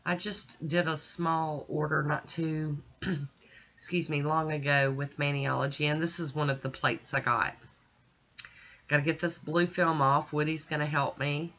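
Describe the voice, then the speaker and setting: Chatty woman with a bright, lo-fi voice. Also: deep voice, steady tone, moderate pace. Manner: chatty, folksy, talks to viewers while working. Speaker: nail art vlogger. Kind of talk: casual tutorial voice-over. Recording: dull lo-fi recording.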